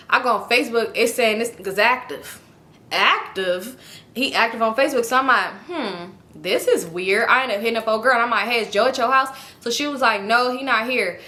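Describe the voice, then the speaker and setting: A young woman tells a dramatic storytime quickly, her voice bright and a little high. She is animated, swears freely, and acts out every voice in the conversations. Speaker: storytime vlogger. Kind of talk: casual storytelling.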